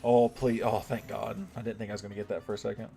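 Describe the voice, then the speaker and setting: A man's voice: lowish voice, little pitch movement, fast, gravelly, dark tone, faint music behind. Joking male streamer with a drawl. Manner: joking, talks to chat, swears. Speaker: game streamer. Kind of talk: casual live-stream chat.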